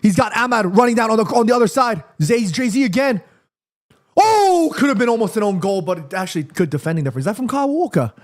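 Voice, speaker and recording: Streamer guy with a high voice, chatty match reactions, talks straight to his viewers. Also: sing-song, quick pace. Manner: chatty, addresses viewers directly, reads chat aloud. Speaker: football watchalong host.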